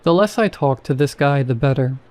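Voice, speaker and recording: A man narrating a first-person horror story with a dark, mellow voice at a middling pitch. His delivery is wry and casual, like someone recounting a strange shift at work. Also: animated, fairly quick.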